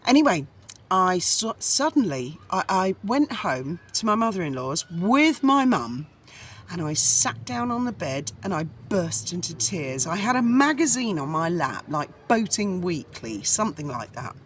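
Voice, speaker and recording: A middle-aged woman vlogger recounts her past in casual personal storytelling, chatty and rambling with frequent fillers and self-corrections. Her lowish voice is very animated and a little slow, with a bit of hiss or hum in the background.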